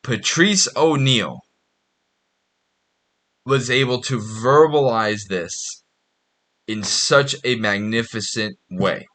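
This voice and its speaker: Speaking slowly in a lowish, fairly bright voice, this podcast host delivers a rambling solo monologue. He's blunt and profane, and he keeps restarting his sentences.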